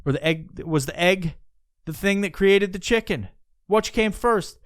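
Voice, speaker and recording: A man thinking out loud in a loose, wandering podcast monologue, swearing freely and stopping to restart his sentences. His voice is smooth and resonant. The sound is close and dry, with no room around it. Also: high voice, measured pace, no echo. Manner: meandering, profane, musing aloud with many restarts. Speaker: podcast host. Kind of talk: casual rambling monologue.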